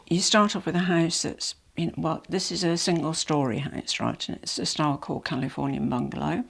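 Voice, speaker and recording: A woman's voice: sits low, fairly even intonation, a little fast, gravelly, hardly any pauses, breathy edge. A woman with a cold and a nasal voice, a bit out of breath, chatting and rambling apologetically to camera at home. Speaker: vlogger. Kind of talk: casual unboxing chat. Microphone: small microphone.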